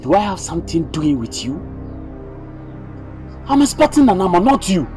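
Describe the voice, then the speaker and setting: A man's voice: high-pitched, big pitch swings, moderate pace. A young actor playing a confused, agitated man who doesn't recognize the people around him, heard over background music. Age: young adult. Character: bewildered young man who has lost his memory. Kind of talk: youth drama acting.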